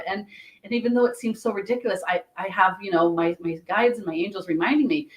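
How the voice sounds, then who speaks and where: A woman's voice: mid-range voice, quick pace, low-quality recording. A woman who reads Akashic Records, telling a story in a casual, chatty way with many restarts. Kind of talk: casual storytelling in a podcast chat.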